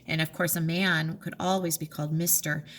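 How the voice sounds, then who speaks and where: A woman's voice: sits low, level tone, normal speed, fairly bright tone. A middle-aged woman teacher giving a remote reading lesson to children, patient and spelling out letters one at a time.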